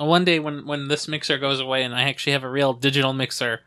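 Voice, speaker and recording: A man co-hosting a podcast and running the recording setup, easygoing and quick to laugh. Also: mid-range voice, steady tone, sharp tone, clean tone. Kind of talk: casual chat. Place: small studio.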